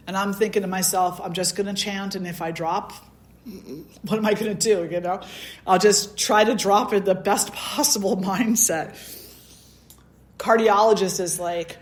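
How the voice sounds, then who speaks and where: Storytelling woman spiritual teacher. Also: medium pitch. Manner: storytelling, acts out quoted dialogue. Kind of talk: storytelling talk at a satsang.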